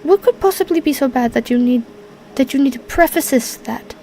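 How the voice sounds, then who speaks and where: A woman's voice: high voice, animated, a little fast, mellow, a little hiss or hum. A woman voicing an anxious, courteous male bird familiar in a tabletop game. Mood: polite, nervous. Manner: courteous, flustered.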